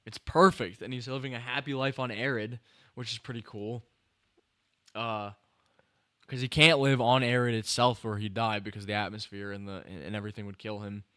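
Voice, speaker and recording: A man's voice: on the low side, fairly even intonation, moderate pace, pushed and bright, smooth, no room sound, studio quality. A young man hosting a podcast, chatting casually about a film, rambling with many restarts and fillers and sounding a little tired. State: tired, yawning. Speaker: podcast host. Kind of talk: casual film review chat.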